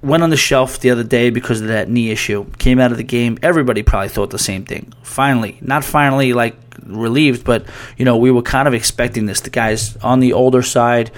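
A man's voice: mid-range voice, steady tone, fairly quick. A man hosting a podcast, talking casually and rambling, often restarting his sentences. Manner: rambling, restarts mid-sentence, reads listener email aloud. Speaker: podcast host. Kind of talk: casual sports talk.

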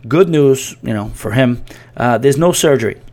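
A man hosting a casual podcast, talking loosely and at length. He rambles, breaks off mid-sentence and starts over, and reads listener emails aloud. His pitch sits right in the middle for a man. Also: moderate pace, a little mellow. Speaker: podcast host. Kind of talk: casual sports talk.

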